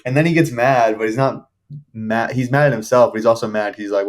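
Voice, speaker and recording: A young man from the Shenandoah Valley, a podcast guest telling fishing stories in a casual, excited way, often laughing as he talks. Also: mid-range voice, a little fast. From Shenandoah Valley, Virginia. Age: young adult. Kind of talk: casual storytelling.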